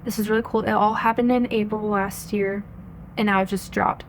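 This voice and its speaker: An earnest young woman in her twenties, a guest on a podcast, tells her personal faith story in a casual, chatty way. She fills her speech with "like" and keeps quoting what she thought at the time. Her voice sits at an ordinary middle pitch. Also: steady tone, fairly quick, slight background noise. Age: 20s. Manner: earnest, chatty, full of "like" and quoted inner thoughts.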